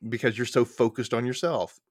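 A man's voice: medium pitch, fairly even intonation, brisk, no room sound, studio quality. A man co-hosting a podcast, casually recapping a story and acting out its quoted lines. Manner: chatty, retells scenes with quoted lines. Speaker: podcast co-host.

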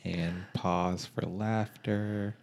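A man's voice: low voice, little pitch movement, extremely slow, gravelly, darkish tone. A man co-hosting a podcast in casual chat, making dry, wisecracking jokes. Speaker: podcast co-host.

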